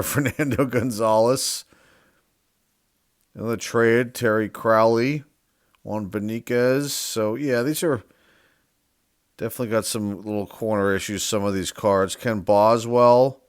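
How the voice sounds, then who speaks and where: A man's voice: on the low side, no echo, clean studio sound. A man, a sports card collector, chatting casually and unsure of himself as he opens a box of cards, thinking aloud and reading off player names. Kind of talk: casual card-opening commentary.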